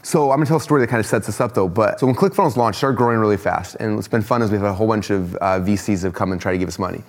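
A man telling a quick, excited story as a podcast guest, laughing often. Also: fairly low pitch, long reverb tail. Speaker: podcast guest, company founder. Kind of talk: casual storytelling in a podcast chat.

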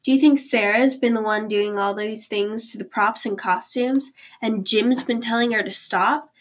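A woman's voice: a little high, steady tone, normal speed, lightly acted. A woman reading as an eager young boy.

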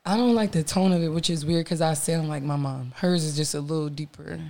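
A woman's voice: low-pitched, fairly quick, dark tone. A young woman chats on her podcast in a loose, rambling way. She keeps drifting off topic and stopping to ask herself what she was saying. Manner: rambling, loses her train of thought. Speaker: podcast host. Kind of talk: casual podcast chat.

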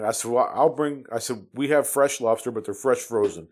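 A man's voice: medium pitch, moderate pace, darkish tone, husky. A man in his fifties from the United States, telling his Navy stories in a casual, rambling way with many restarts and fillers. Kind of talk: casual storytelling.

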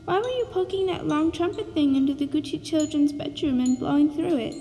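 A woman's voice: sits high, lively intonation, a little fast, mellow, in a large hall, pitched above the performer's own voice. A woman doing a plucky little orphan girl. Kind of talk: storybook reading.

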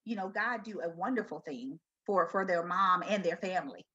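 A woman's voice: on the low side, normal speed, bright, forceful tone, slightly rough, lo-fi sound. A middle-aged woman telling her story as an interview guest, earnest and conversational. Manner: earnest, storytelling, acts out quoted voices. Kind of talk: personal testimony interview.

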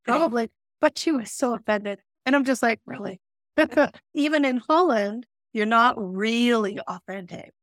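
Co-host: woman from western Canada, slightly high voice, dry close mic, quick asides. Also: no echo. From Calgary, Canada. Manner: brief interjections and quick asides. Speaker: podcast co-host. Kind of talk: casual podcast discussion.

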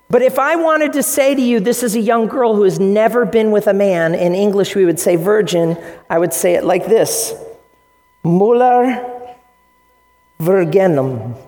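A man preaching a sermon as pastor, energetic and playful, speaking directly to the congregation. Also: sits high. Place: church sanctuary. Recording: long reverb of a large hall.

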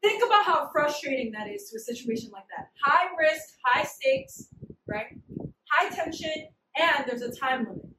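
A young woman giving a casual, humorous sermon, slangy and animated, acting out little scenes. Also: sits high, normal speed, slight background noise. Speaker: preacher. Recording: echoey room, mic at a distance.

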